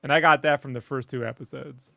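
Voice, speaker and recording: A man's voice: mid-range voice, steady tone, fast talker, creaky, sharp tone, no room sound, clean studio sound. A man co-hosting a podcast in casual chat, blunt and opinionated, swearing freely. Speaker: podcast co-host.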